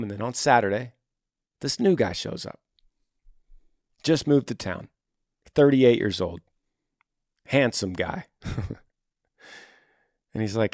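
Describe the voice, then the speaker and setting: A man's voice: medium pitch, dry recording, clean studio sound. A man hosting a podcast, answering listener emails with casual advice and acting out bits of dialogue. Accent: Texan. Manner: animated, acts out little scenes of dialogue.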